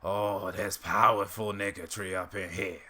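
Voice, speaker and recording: A man doing a ranting old bigot straight out of a cartoon, pushing his voice into a strained, bright, emphatic preach. it has a hard forceful edge, and every line lands like a sermon from a hateful old uncle. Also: low-pitched, steady tone, a little slow, pitched below the performer's own voice, heavily acted.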